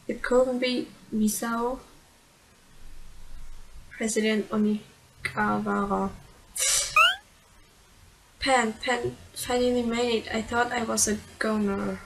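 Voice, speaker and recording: A woman's voice: fairly high pitch, fairly even intonation, slow pace, pauses often, poor audio. A woman with a German accent, a let's player reading game dialogue aloud and switching between English text and German remarks, with small stumbles. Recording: game music playing behind.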